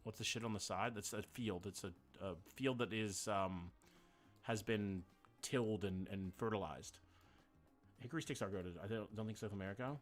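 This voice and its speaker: A man chats loosely through a live game stream, reasoning out loud and cursing now and then. He keeps breaking off to greet his viewers by name. Soft music plays faintly behind him. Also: on the low side, normal speed. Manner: chatty, thinks aloud, swears, greets viewers. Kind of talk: casual live-stream chat while playing.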